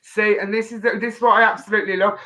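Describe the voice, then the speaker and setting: A woman hosting a casual interview, lively and teasing with a lot of laughter. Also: medium pitch, very fast, rough recording. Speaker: host. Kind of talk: casual chat show interview.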